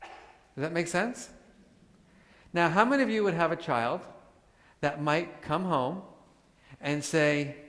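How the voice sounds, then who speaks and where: A man giving a live talk to an audience, animated and joking as he acts out examples. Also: on the high side, slow, long pauses. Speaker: workshop speaker. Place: large hall with audience. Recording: hall reverb.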